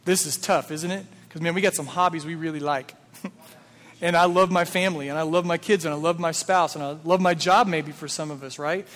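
A man's voice: on the high side, fairly even intonation, brisk, a bit bright. A male pastor giving a sermon, talking to the congregation in a conversational way and asking them many rhetorical questions. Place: church sanctuary. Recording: reverberant hall.

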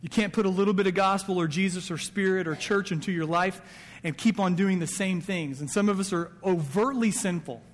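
High-voiced man preaching in a hall. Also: a little fast. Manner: conversational preaching with quoted asides. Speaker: pastor. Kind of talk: sermon. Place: church sanctuary.

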